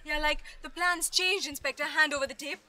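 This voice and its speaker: A sarcastic young student. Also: female voice, high voice, steady tone, fairly quick. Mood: worried. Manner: sarcastic, sharp. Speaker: college student. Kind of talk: film acting.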